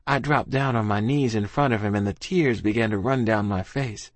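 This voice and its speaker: A man reads a first-person story aloud in an earnest, steady manner. His voice sits at a middle pitch, and the recording is dry and close. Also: normal speed, no room sound. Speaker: audiobook narrator.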